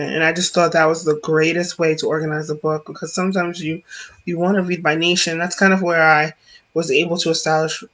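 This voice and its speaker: A woman's voice: low-pitched, a bit bright. A woman vlog host chatting casually about books, rambling and correcting herself as she goes, with frequent laughs.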